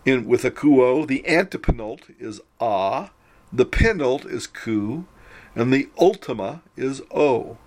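A man teaching a recorded Greek grammar lesson, explaining in a measured way and slowing down to spell out syllables. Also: mid-range voice, lively intonation, a little mellow, slight background noise.

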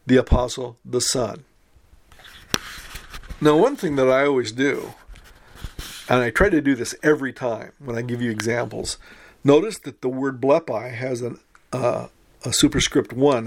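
A man of middle pitch gives a recorded grammar lecture in a patient, methodical way. He reads example words slowly and now and then stops to correct himself. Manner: patient, methodical explaining, slow careful reading of Greek words; occasional restarts and self-corrections. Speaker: Greek teacher.

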